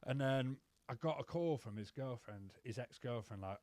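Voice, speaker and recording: A man's voice: mid-range voice, a little fast, few pauses, darkish tone. A man telling rambling, sweary personal stories as a podcast guest. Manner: rambling, sweary, says "mate" constantly. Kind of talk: casual storytelling.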